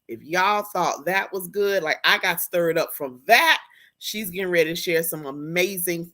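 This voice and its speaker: A woman hosting a live-stream talk show, effusive and excitable, with a churchy way of talking. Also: medium pitch. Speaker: host.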